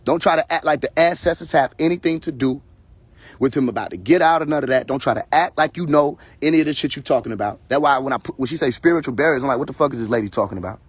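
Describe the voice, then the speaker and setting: Husky, fired-up man ranting on a live stream. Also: on the high side, fast, no echo. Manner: confrontational, preachy, profane, repeats phrases. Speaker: livestream host. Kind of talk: heated casual rant on a live stream.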